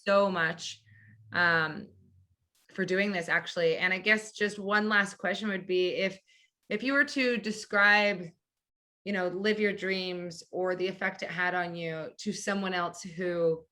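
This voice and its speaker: A woman's voice: on the low side, fairly even intonation, a little slow, sharp tone. A woman hosting a podcast interview, chatty and effusive. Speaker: podcast host and coach. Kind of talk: casual interview.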